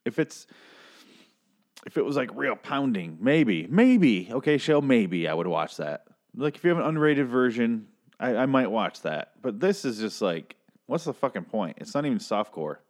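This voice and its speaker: A man's voice: mid-range voice, sing-song, normal speed. A man casually recapping and reviewing a TV episode, blunt and profane, rambling with frequent restarts.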